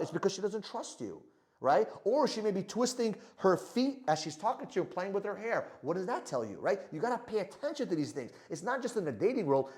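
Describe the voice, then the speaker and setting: A man giving a motivational sales talk to camera, energetic and gesturing, often checking in with "right?". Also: on the high side. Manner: energetic, animated delivery with frequent "right?" check-ins; moves hands and body while talking. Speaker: sales trainer.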